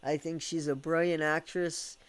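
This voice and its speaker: A man's voice: on the high side, level tone, unhurried, smooth. An American man telling a candid, rambling story at home, swearing casually and laughing between thoughts. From United States. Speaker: vlogger. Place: at home with his dog.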